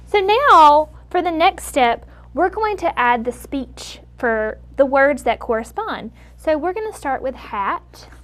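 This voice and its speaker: A young woman acting as a student speech clinician. She explains a therapy method step by step and encourages her patient. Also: high voice.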